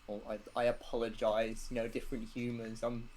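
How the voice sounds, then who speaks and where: A man's voice: medium pitch, completely flat delivery, fairly quick, a little mellow, a little hiss or hum. Man, tabletop player in character, apologetic, rambling, nervous laughter.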